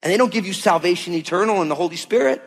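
A man's voice: high-pitched, expressive, rapid-fire. A man preaching a sermon to his church in a conversational, emphatic way, often acting out quoted voices. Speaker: pastor. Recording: long hall reverb.

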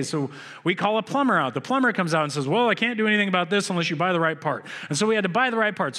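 Animated preacher man with bright tone. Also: very fast. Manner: animated storytelling, acts out quotes with big pitch jumps. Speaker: pastor. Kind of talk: sermon. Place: church sanctuary.

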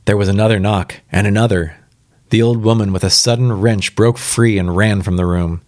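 A man's voice: on the low side, steady tone, moderate pace, a little mellow, no echo, clean studio sound. A man reading a spooky story aloud for the first time, casual and reacting aloud between passages. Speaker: reader.

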